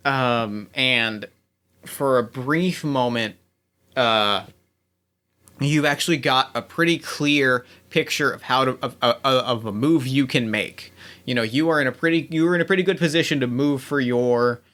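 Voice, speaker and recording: A man's voice: mid-range voice, measured pace, fairly bright tone. A man hosting and running a tabletop role-playing game, setting scenes in a loose, hesitant way full of fillers. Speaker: game master and host.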